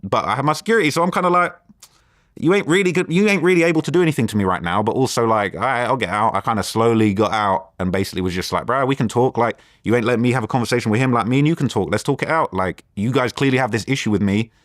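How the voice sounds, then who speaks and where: Fast-talking young British man, animated. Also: medium pitch, no echo, clean studio sound. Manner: animated retelling with quoted dialogue and fillers. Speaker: interview guest. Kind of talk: casual storytelling interview.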